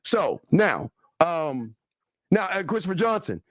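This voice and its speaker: A man's voice: a little high, sing-song, slow, a bit bright, dry recording, clean studio sound. A man co-hosting a live talk show, profane and confrontational, talking animatedly to his audience. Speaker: co-host. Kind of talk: heated livestream talk.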